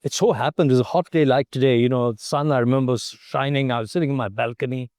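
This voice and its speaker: An older man, a Hindi speaker and former foreign correspondent, telling a personal story in a lively, anecdotal way full of "you know". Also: medium pitch, quick pace, no room sound, studio quality. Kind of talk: storytelling reminiscence.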